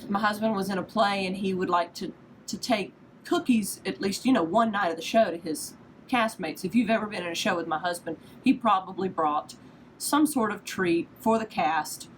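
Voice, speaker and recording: A woman's voice: mid-range voice, moderate pace, a little hiss or hum, low-quality recording. A woman, hosting a casual devotional podcast in a chatty, self-deprecating storytelling manner. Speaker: podcast host.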